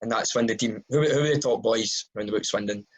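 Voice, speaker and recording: A Scottish man interviewing a guest, asking relaxed questions and laughing along. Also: on the low side, quick pace, slightly rough, rough recording.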